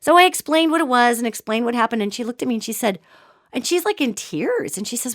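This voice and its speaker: A middle-aged woman hosting a podcast, telling a personal story in a chatty, animated way. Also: on the high side, a little fast, no echo, studio quality. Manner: animated, chatty, ending in a spooky whisper. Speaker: podcast host. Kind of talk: casual storytelling monologue.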